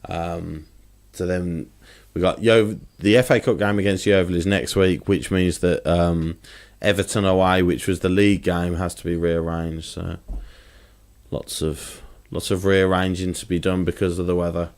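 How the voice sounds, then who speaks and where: A man co-hosting a casual football podcast, talking in an animated, exasperated way. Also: low-pitched, normal speed. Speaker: podcast co-host.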